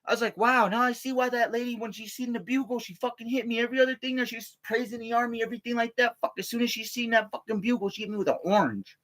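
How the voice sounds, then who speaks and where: A man's voice: very high-pitched, steady tone, fast, hardly any pauses, a bit bright. A middle-aged man from the United States, an army veteran, telling stories in a rambling, profane way and often stammering and laughing. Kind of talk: casual rambling monologue.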